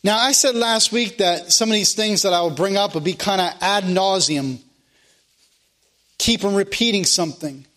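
High-voiced preaching man. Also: normal speed, pushed and bright. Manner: repeats scripture references, emphatic, rhetorical questions. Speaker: pastor. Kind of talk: sermon.

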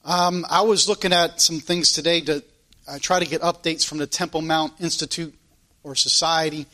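High, bright-voiced man preaching. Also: fairly even intonation, moderate pace. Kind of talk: sermon with scripture reading.

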